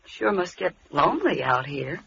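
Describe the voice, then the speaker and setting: A brash young woman who blusters and talks tough, with a bright, sharp tone. She sounds like an old radio broadcast, dull and muffled, with faint hiss. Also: sits low, big pitch swings, heavily acted. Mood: uneasy. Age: young adult. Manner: tough-talking, quick to bluster. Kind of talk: 1940s radio acting.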